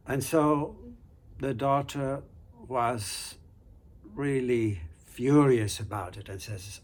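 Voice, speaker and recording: A man hosting a storytelling show, telling a folk tale in an unhurried, conversational way. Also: mid-range voice. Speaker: storyteller host.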